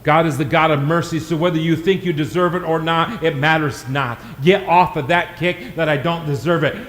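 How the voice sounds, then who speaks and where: A man preaching a sermon in a church, swinging from shouted climaxes to hushed, quick asides. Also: on the high side, steady tone, big-room sound, slight background noise. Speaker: pastor.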